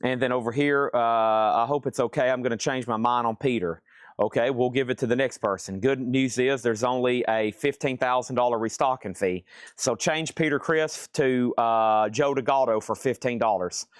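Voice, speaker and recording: A man's voice: mid-range voice, moderate pace, clean tone, no echo, studio quality. A man selling vinyl records in a live-streamed auction from a record store, chatting and joking between calling out prices. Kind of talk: live auction sales patter.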